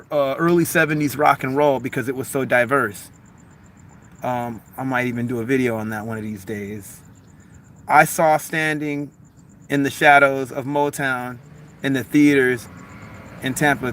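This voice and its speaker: A man with a Long Beach, Los Angeles accent rambles through a casual live stream and reads viewer comments aloud. His voice is bright and forceful and sits fairly high for a man. He talks animatedly, leaning on "like" and "man.". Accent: Long Beach, Los Angeles mix. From Los Angeles harbor area, USA.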